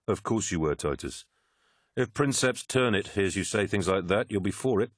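A man's voice: fairly low pitch, animated, normal speed, no room sound, studio quality. A man voicing a worried, pragmatic male officer who pleads urgently in a raised voice in an audiobook. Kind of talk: audiobook character voice.

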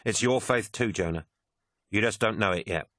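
In an audiobook, a man voices an earnest, devout war machine pilot who speaks with stubborn zeal, pitching his natural voice above his own. The lowish, fairly bright voice moves at a moderate pace, recorded with clean studio sound and no room sound.

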